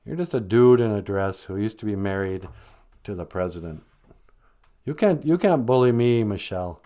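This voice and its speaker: A man's voice: lowish voice, expressive, normal speed, warm tone. A man hosting a comedy podcast, talking in a dry, sarcastic way. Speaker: podcast host.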